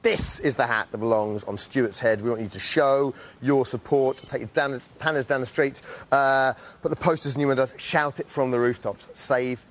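A man's voice: mid-range voice, steady tone, normal speed, hardly any pauses, background noise. A man hosting a chat show, chatty, eager and teasing with his guests. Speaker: host.

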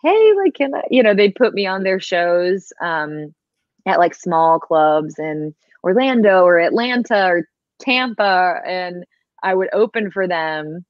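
Young woman from Georgia, lowish voice, chatty podcast guest, giggly and loose, dry slightly muffled recording. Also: slow, dry recording. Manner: chatty, laughs often, lots of "like" fillers. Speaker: guest musician. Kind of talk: casual podcast interview.

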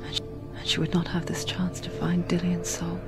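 A low, flat, ominous whisper from a female storyteller, played by a woman in a dark video game, in a whispered role-play. She speaks slowly, and loud music swells behind her. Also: lightly acted.

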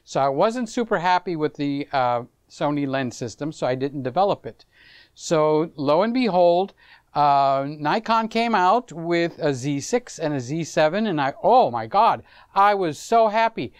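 A middle-aged man hosting a camera vlog, telling a story to the camera in a casual, animated way. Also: a little high, a little slow, clean tone, no echo. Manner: animated, acts out conversations, chuckles often. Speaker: camera reviewer, vlog host.

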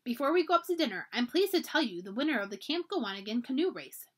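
A woman's voice: sits high, very animated, fast, slightly rough, heavily acted. A woman reading as a kindly camp director. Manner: gentle, encouraging storybook voice.

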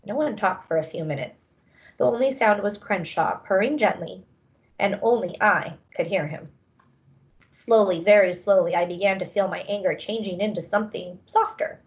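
A woman reading a children's novel aloud in a calm, measured way. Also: mid-range voice. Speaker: reader.

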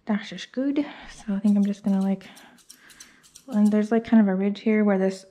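A woman's voice: medium pitch, normal speed, mellow. A young woman dog groomer chatting casually as she works on a dog, a little out of breath. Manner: chatty, thinks aloud, coos at the dog. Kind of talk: casual grooming vlog narration. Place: grooming salon.

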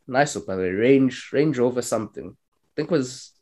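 A man's voice: mid-range voice, moderate pace. A young man telling a story on a podcast, acting out the lines he quotes. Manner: animated, acts out quoted lines. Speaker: podcast co-host. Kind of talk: casual storytelling among friends.

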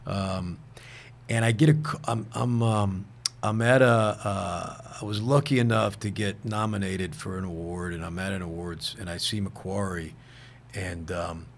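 A man with a low, gravelly voice recounts stories as a guest in a relaxed interview. He talks earnestly and haltingly, restarts his sentences often, and keeps dropping a casual "man". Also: a little hiss or hum. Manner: earnest, halting, retells anecdotes with frequent restarts; peppers speech with "man". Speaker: guest actor.

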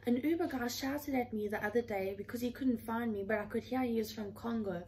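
A woman's voice: a little high, fairly quick, warm tone, a little hiss or hum, poor audio. Earnest young woman chatting from her room. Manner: earnest, chatty, often says "literally". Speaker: vlogger. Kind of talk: casual heartfelt chat.

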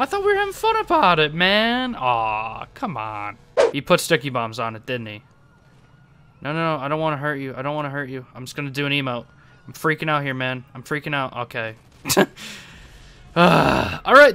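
A young man giving casual, excitable commentary over his own gameplay, laughing often and talking to himself. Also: mid-range voice, clean tone. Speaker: gaming YouTuber.

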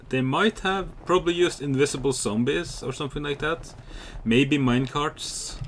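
A young man giving casual, chatty commentary while playing a game, excitable and swearing freely. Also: lowish voice, slight background noise. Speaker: gamer.

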